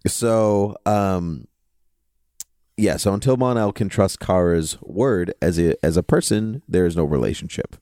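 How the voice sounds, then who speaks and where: A man's voice: low-pitched, measured pace, warm tone, no echo. A man co-hosting a podcast, chatting casually through an episode recap with lots of ums and dry jokes. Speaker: podcast co-host.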